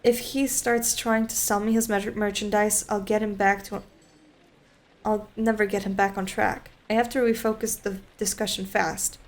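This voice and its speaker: A woman streamer reading a visual novel aloud, narrating casually and adding quick off-script asides. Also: mid-range voice, little pitch movement.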